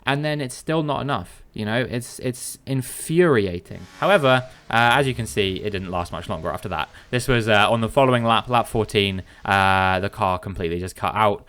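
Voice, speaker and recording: A man narrating and commenting over his own racing gameplay, steady play-by-play that breaks into exasperated, animated outbursts. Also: fairly low pitch, fairly quick, hardly any pauses, clean tone. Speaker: gaming commentator.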